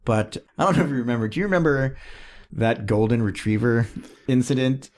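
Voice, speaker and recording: A man's voice: medium pitch, lively intonation, brisk. A man, a musician guest, telling a story in casual chat. He laughs often, swears freely and fills his speech with lots of uhs.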